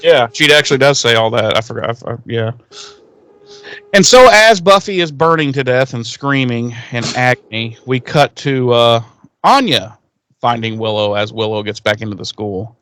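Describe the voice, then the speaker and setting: A man's voice: mid-range voice, normal speed, a bit bright, smooth. A man co-hosting a podcast, casually recapping an episode and acting out the characters' lines in a raised, swearing voice. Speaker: podcast co-host.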